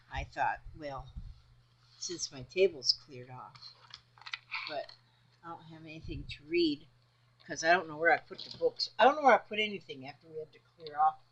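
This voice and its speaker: A woman's voice: deep voice, moderate pace, long pauses, fairly bright tone, highs cut off, slight background noise. A woman chatting casually about her quilting fabric, rambling and talking half to herself. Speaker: crafting vlogger. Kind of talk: casual crafting vlog.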